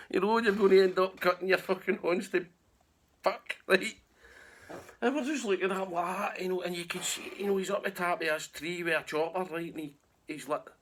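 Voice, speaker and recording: Bright-voiced sweary Scottish storyteller. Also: male voice, high-pitched, normal speed. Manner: sweary, laughs often while telling. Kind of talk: casual spoken storytelling.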